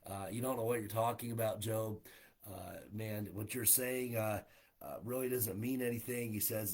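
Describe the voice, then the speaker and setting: A man teaches a Bible study over a livestream, speaking as a down-to-earth pastor. His voice sits low and has a husky edge. He hesitates often with fillers and retells scripture in casual, plain language. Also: fairly even intonation, moderate pace, darkish tone. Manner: folksy, many "uh" fillers, paraphrases scripture in plain speech. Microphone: livestream setup.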